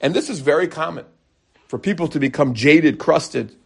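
Animated husky rabbi in his forties. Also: a little high, normal speed. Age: 40s. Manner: animated, acts out quotes, mixes in Hebrew terms. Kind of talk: lively Torah talk.

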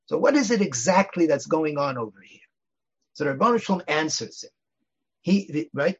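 An older man with a deeply husky, raspy voice teaches an informal Torah class. He rambles into stories and digressions, laughing softly and sprinkling in "you know." The sound is dull and lo-fi. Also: animated, normal speed. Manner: digressive storyteller, chuckles often, many "you know"s.

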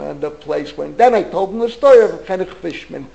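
A man's voice: sits high, animated, brisk, vocal fry, few pauses, mellow, highs cut off. An older man from New York, a rabbi teaching a Torah class, wandering into stories and stressing his points with feeling. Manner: digressive storyteller, emphatic.

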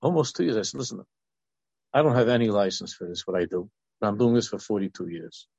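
Gravelly older man giving an informal talk. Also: fairly low pitch, brisk, darkish tone, no room sound, dull audio. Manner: rambling, with many restarts and asides.

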